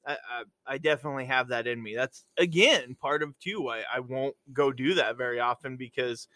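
A man's voice: medium pitch, a little fast, sharp tone, dry recording. A man in a casual chat, joking at his own expense and laughing easily. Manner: self-deprecating, laughs easily.

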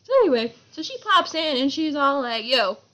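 Woman, somewhat high voice, playful, casual book chat, dips into silly voices. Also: expressive, brisk, pushed and bright, a little hiss or hum, poor audio. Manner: playful, laughs often, slips into silly voices. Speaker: book podcast co-host. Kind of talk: casual chat, retelling a story.

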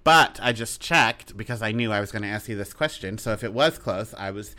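A man's voice: on the low side, fairly quick, pushed and bright. A man co-hosting a podcast, chatting casually in a playful, dramatic way and laughing often. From Canada. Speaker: podcast co-host. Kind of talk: casual chat.

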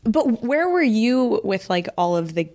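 A woman hosting a podcast interview, reacting warmly with short remarks and laughs. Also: a little high, big pitch swings, a little slow. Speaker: podcast host. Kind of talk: casual interview.

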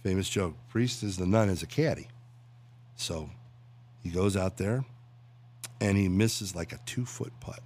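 A man's voice: deep voice, a little slow, pauses often, a little mellow. A man who works in radio and voiceovers, a guest chatting casually and telling jokes with acted voices. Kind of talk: casual chat and joke-telling.

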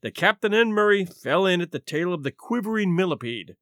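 A man's voice: sits high, sing-song, fairly bright tone, dry recording, clean studio sound. A man narrating a classic short story as host of a story podcast. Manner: measured storytelling.

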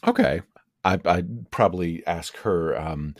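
A man's voice: low voice, moderate pace, dry recording, clean studio sound. A man speaking casually as a player in a tabletop game, hesitant with fillers. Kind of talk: tabletop role-play chat.

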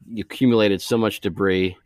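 Male podcast co-host, low voice, relaxed banter, dry studio sound. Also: brisk, no room sound. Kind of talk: casual comedic movie chat.

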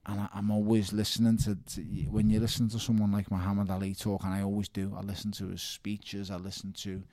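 Emphatic man, low voice. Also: flat delivery, fast, dark tone, no room sound, clean studio sound. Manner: emphatic, repeats words, calls listener mate. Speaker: professional boxer, guest. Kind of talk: casual interview talk.

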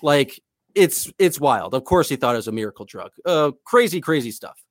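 A man's voice: a little high, lively intonation, moderate pace, no room sound, clean studio sound. A man co-hosting a sports podcast in casual chat, rambling enthusiastically and calling himself the eccentric goofball. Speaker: podcast co-host.

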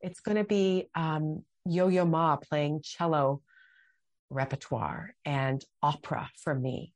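A woman's voice: sits low, steady tone, slow, darkish tone, no echo. A middle-aged woman talking as a podcast guest, earnest and heartfelt, often restarting her sentences. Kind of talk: conversational interview.

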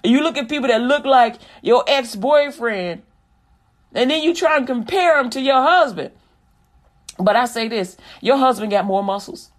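Animated, high-voiced woman preacher. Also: moderate pace. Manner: animated, conversational preaching with scripture recitation. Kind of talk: sermon.

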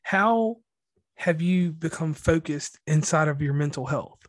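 Earnest host with a slightly high voice. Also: male voice, dry recording, clean studio sound. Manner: earnest and deliberate, with fillers. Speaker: podcast host. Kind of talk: interview questions.

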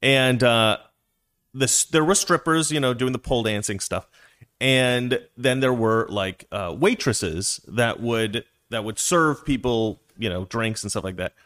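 A man's voice: mid-range voice, measured pace, a bit bright. A man telling a long personal story in a casual, rambling way, with frequent restarts and asides.

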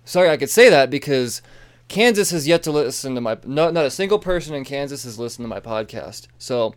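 A man talks through a stack of comic books in a loose, excitable ramble, cursing freely and wandering into asides. His voice is smooth and clear, at an ordinary pitch for a man. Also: a little fast. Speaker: comic book reviewer. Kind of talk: casual profane comic review.

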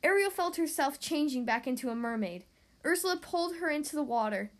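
High-voiced woman reading a storybook. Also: fairly quick. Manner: steady read-aloud with small stumbles. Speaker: narrator.

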